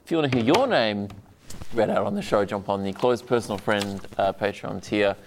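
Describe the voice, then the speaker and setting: A man's voice: fairly low pitch, lively intonation, slight background noise. A man hosting a casual studio panel show, rattling through a list of patron names with plenty of fillers and restarts. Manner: halting, many fillers and restarts. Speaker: podcast host.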